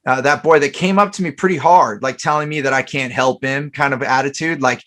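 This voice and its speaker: A man's voice: mid-range voice, fairly quick, a bit bright. A man hosting a casual podcast chat, telling stories in a rambling way with many fillers and restarts. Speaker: podcast host.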